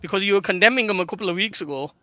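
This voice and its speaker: A man's voice: high-pitched, rapid-fire, sharp tone, muffled recording. A man in a heated live podcast panel debate, arguing and cutting in on others. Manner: argumentative, interrupting.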